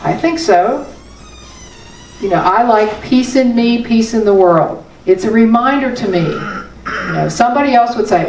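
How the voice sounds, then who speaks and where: A woman's voice: on the high side, expressive, moderate pace, distant mic, background noise. Woman preaching in a roomy hall. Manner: conversational, emphatic, with small laughs. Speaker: spiritual teacher. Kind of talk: sermon. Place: spiritual center hall.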